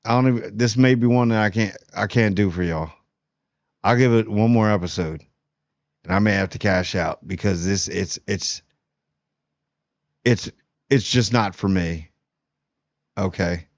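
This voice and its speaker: A man from New Jersey hosting a casual spoiler review of a TV show, talking bluntly with frequent restarts and animated jumps. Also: on the low side, unhurried, pauses often, dry recording, highs cut off. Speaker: TV review host.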